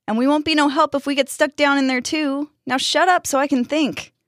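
A jittery teenage boy who barks orders to keep himself together, as a woman puts him on. His voice is pitched up and pushed hard, and it is recorded close and dry. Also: steady tone, a little fast, no echo, close to an everyday voice. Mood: tense. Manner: tense, commanding. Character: scared, bossy teenage boy in charge.

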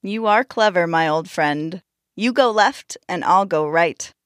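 A woman voicing a sly, scheming male hare trickster in a storybook tale, smooth and wheedling. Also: lowish voice, measured pace, dry recording, clean studio sound, pitched below the performer's own voice, close to an everyday voice. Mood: gloating.

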